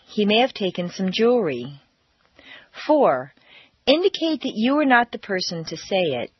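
A woman leads an audio pronunciation lesson in a clear, deliberate voice, leaning hard on stressed words. Her pitch swings widely and her tone is a little husky. It is a dry, somewhat dull recording. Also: sing-song, no room sound. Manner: clear, deliberate instruction with exaggerated word stress. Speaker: pronunciation teacher. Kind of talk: scripted language-course narration.

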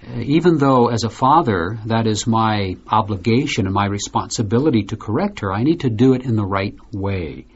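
A man with a low, husky voice hosts a calm discussion, speaking slowly and clearly so learners can follow. The recording sounds a little dull and lo-fi. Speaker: host. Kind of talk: scripted learner podcast discussion.

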